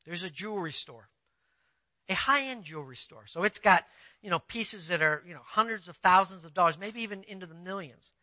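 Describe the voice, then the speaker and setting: Sharp-toned conversational preacher. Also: medium pitch, expressive, brisk, no room sound, muffled recording. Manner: conversational preaching, asks the audience "you see what I'm saying"; tells personal stories and swings between quiet and emphatic. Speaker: pastor. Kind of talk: sermon.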